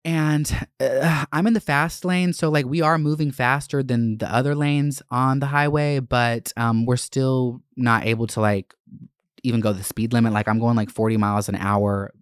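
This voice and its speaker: A man telling a storytime rant to his followers, casual and profane, with quick jumps up in pitch. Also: clear, resonant tone, no echo, studio quality. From Atlanta area. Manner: profane, animated, quick bursts of rising pitch. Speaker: content creator.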